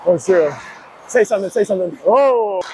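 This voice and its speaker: A man's voice: sits high, expressive, normal speed. A young man from Ohio, a college hockey player out of breath, chatting and joking in a rambling, self-mocking way through a body mic at an indoor rink. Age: young adult. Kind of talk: casual mic'd-up practice commentary. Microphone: wireless body mic worn while skating. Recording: noisy rink ambience.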